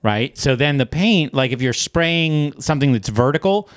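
A man co-hosting a podcast who explains things calmly and asks short follow-up questions in casual chat. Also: on the high side, moderate pace, no echo, studio quality.

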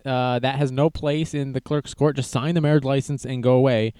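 A man's voice: medium pitch, fairly even intonation, a little fast, dark tone, clean tone, no echo. A man giving sarcastic, rambling casual commentary as he reacts to a video.

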